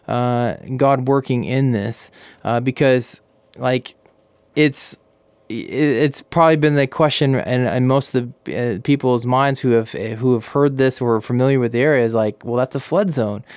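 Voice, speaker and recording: A man, a pastor, interviewing a guest in a relaxed talk, rambling with many fillers and restarts. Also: mid-range voice, clear, resonant tone, dry recording. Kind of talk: casual faith interview.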